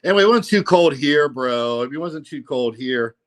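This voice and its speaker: A man's voice: on the high side, lively intonation, moderate pace. A man hosting a casual livestream, rambling and profane, full of "you know, man.". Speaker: livestream host.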